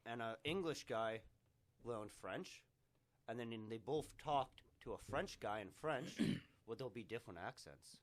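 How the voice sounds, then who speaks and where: A man co-hosting a casual podcast, cracking deadpan jokes during the chat. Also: medium pitch, a little slow. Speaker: podcast co-host.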